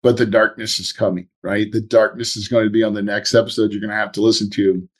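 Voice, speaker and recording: A man hosting a podcast, telling a story in a casual, animated way and acting out his own thoughts. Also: on the low side, quick pace. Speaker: podcast host.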